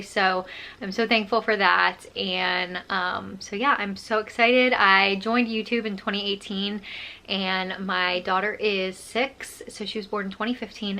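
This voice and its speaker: A woman's voice: medium pitch, pushed and bright. A young adult woman chatting casually to camera as a vlogger, bubbly and full of fillers, a little out of breath.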